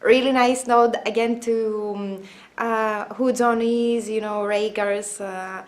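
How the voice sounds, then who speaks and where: A young woman talking casually about a TV episode, enthusiastic and emotional, with frequent pauses and filler sounds. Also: fairly high pitch, steady tone. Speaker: vlogger.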